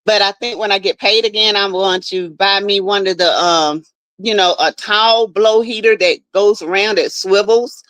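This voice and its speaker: Chatting casually with viewers from her backyard shed, this livestream host calls them by name and gossips without restraint. She has a mid-range, steady, slightly bright voice at a normal speed, with no room sound.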